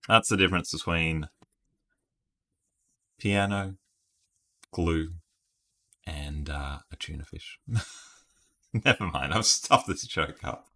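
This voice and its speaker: In a casual live stream, a man with a low, bright, forceful voice plays word games while chatting, thinking through answers aloud, and laughing at himself.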